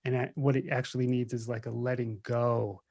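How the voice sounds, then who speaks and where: An American meditation teacher, appearing as a podcast guest, tells stories in a casual interview, joking, laughing often, and acting out quoted voices. His voice is medium-pitched and darkish, with a level tone and a brisk pace.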